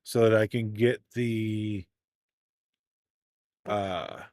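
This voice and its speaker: A man's voice: fairly low pitch, steady tone, extremely slow, darkish tone, dry recording, studio quality. A man streaming a game live, commenting in a playful, jokey, self-mocking way.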